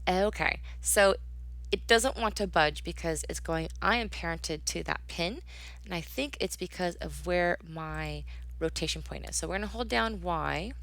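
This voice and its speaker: Tutorial narrator: woman, low and gravelly, chatty, mutters to herself as she clicks around. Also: moderate pace, no echo. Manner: chatty, mutters to herself while hunting through menus; talks to the software affectionately. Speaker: instructor. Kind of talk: software tutorial screencast.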